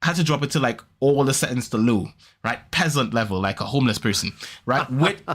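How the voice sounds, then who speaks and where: A man hosting a podcast, telling a story in casual chat, rambling and animated, with quick restarts and repeats. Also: mid-range voice. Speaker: podcast host.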